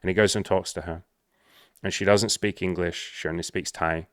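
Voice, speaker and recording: A man who works as a social skills coach talks straight to camera, blunt and profane, telling stories in an animated way. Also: low voice, moderate pace, no echo, studio quality. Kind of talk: direct-to-camera monologue.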